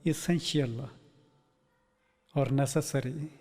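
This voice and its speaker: A man giving a measured, reflective spiritual talk in short phrases, as a spiritual teacher. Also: medium pitch, fairly even intonation, darkish tone, in a large hall. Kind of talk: slow meditative spiritual talk.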